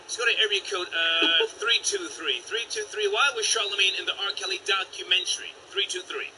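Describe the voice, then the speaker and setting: Brash high-voiced streaming host. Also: male voice, expressive, a little fast, a little hiss or hum, rough recording. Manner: loud brash banter with profanity. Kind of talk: call-in live stream show.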